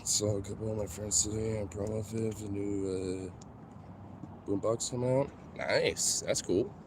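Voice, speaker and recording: A man's voice: fairly low pitch, fairly even intonation, a little slow, background noise. A man casually vlogging at home, talking in a playful, silly voice to his dogs and laughing often. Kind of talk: casual vlog chat.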